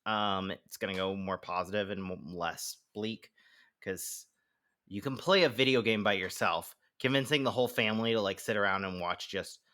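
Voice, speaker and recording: Chatting about television and games on a podcast he co-hosts, this man speaks at a normal pace in a fairly low register. He laughs frequently, stays animated, and does funny voices when quoting himself.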